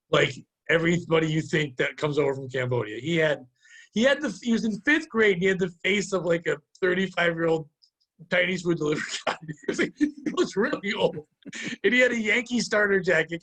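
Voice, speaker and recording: A middle-aged man from Connecticut, a podcast host, telling a rambling, profane childhood story in casual chat. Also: fairly high pitch. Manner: rambling, profane, animated retelling.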